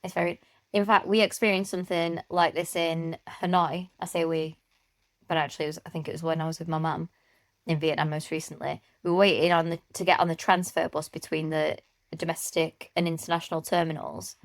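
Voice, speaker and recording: Chatty woman podcast host, lowish voice, dry close sound, laughs a lot. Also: flat delivery, a little fast, no room sound. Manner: chatty storyteller, laughs often. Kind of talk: casual chat.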